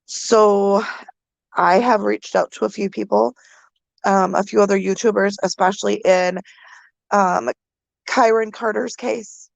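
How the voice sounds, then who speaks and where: A woman vlogger from the American Midwest, talking to her viewers through tears, halting with many pauses and fillers. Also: mid-range voice, steady tone, creaky, no echo. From Minnesota. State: crying. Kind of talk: emotional vlog talk to viewers.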